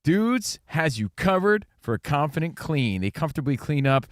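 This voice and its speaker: A man's voice: fairly high pitch, very animated, moderate pace, dry recording, clean studio sound. A man co-hosting sports talk radio, laying out his opinions with confident, advice-like points. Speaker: co-host.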